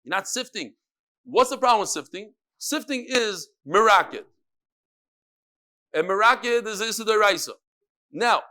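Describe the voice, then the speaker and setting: A man teaching a daily Talmud class, mixing quick readings of the text with joking asides. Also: sits high, pushed and bright.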